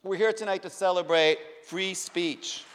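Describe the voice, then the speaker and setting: A man's voice: high-pitched, a bit bright, some chatter behind, a little hiss or hum. A man hosting a public reading, reciting quotations in a dramatic, emphatic way into a stage microphone in a large public hall. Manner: declamatory, emphatic, measured delivery. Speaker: event host reading quotations. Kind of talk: dramatic spoken-word recitation. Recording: long reverb of a large hall.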